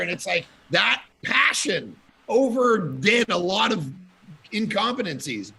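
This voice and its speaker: A man, a pastor, telling lively stories in a casual conference talk, with loud bursts of emphasis and frequent laughter. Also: fairly high pitch, moderate pace, vocal fry, slight background noise. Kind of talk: casual storytelling at a conference panel.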